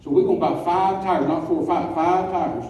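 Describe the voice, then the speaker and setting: A man preaching a folksy storytelling sermon, slowing down to stress key words. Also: high voice, warm tone. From West Texas. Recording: echoey hall, distant mic, faint noise.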